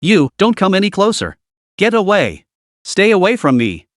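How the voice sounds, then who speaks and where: A man's voice: high voice, huge pitch swings, normal speed, no echo, voice pushed up. Guy doing a wrecked desperate captive man, begging frantic, dry close sound. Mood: raging. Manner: frantic pleading. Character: desperate crippled middle-aged man begging, raging.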